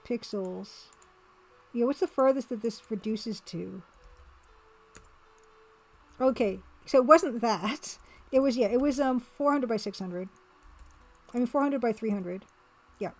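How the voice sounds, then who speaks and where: A woman with a somewhat high voice talks loosely through her artwork on a live stream. She rambles, restarts, and keeps replying to chat in an easygoing, chatty way. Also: darkish tone. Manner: rambling, chatty, reads and answers chat, laughs often. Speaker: streamer and pixel artist.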